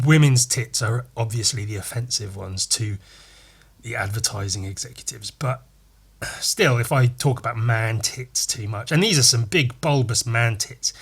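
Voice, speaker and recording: Rambling, self-mocking man with a bright voice. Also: medium pitch, husky. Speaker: miniature painter. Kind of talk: casual commentary over painting footage.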